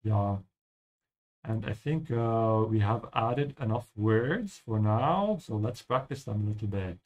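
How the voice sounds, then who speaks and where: A man's voice: on the low side, lively intonation, lo-fi sound. Man teaching German on a live stream. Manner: explains pronunciation slowly and carefully; switches between English and German. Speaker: language teacher and stream host. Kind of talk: live-streamed language lesson.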